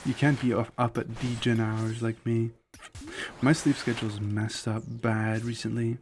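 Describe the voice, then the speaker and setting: A man's voice: medium pitch, level tone, measured pace, a little mellow. A man in the middle of his vocal range who chats casually on a live stream while gaming. His talk rambles and is packed with "like" fillers, and he speaks his opinions bluntly. A faint hiss sits under the voice. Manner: rambling, loose, with constant "like" fillers; opinionated and candid.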